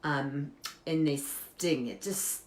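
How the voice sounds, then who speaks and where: A woman playing an eccentric woman who gives absurd beauty tips, talking earnestly and deadpan in broken English. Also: low-pitched, slow pace, pitched below the performer's own voice. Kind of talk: improvised comedy character monologue. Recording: echoey room.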